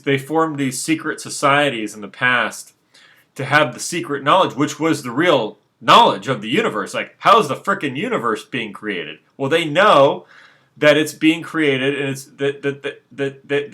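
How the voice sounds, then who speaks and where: Male, bright tone, loose rambling monologue with frequent restarts, frank delivery. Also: medium pitch. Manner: rambling, many restarts and fillers; frank, unbothered. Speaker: speaker on spirituality. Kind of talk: unscripted monologue.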